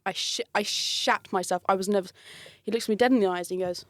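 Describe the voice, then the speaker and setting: A woman's voice: medium pitch, fast, no echo, studio quality. Chatty woman telling a story. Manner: animated, laughs often, acts out quoted voices. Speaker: guest telling a work story. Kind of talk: casual storytelling.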